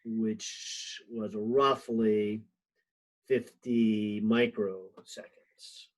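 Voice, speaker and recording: A man's voice: lowish voice, level tone, very slow, rough recording. A man teaching a physics help session over a video call, thinking aloud with lots of fillers and a few light jokes. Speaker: physics instructor. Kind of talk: online class help session.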